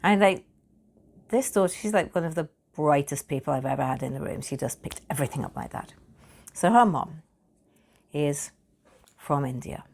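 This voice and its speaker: A British woman, a perfumer, talking casually about perfume materials. She is chatty, laughs often and repeats her words when she gets excited. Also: sits low, normal speed, creaky, pauses often.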